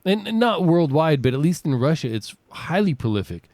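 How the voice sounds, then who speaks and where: Measured, reflective male podcast co-host. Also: fairly high pitch, sing-song, a little mellow, dry recording. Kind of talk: casual chat and reading news items.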